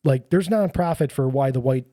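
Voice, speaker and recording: A man's voice: medium pitch, moderate pace, dark tone, dry recording, studio quality. A middle-aged man, a firefighter who founded a nonprofit, chatting casually on a podcast in a rambling, self-deprecating way with lots of fillers.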